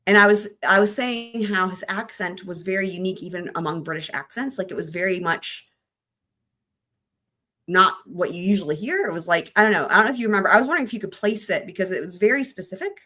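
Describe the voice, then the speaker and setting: A woman's voice: mid-range voice, fast talker, sharp tone. A woman hosting a true crime live stream, chatting loosely with her viewers in a rambling, casual way.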